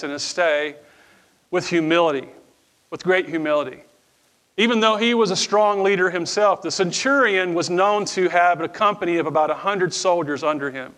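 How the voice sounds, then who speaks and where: High-voiced preaching pastor, man. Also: a bit bright. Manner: repeats words, calls for congregation responses. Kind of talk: sermon with scripture reading and prayer. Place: church sanctuary before a congregation.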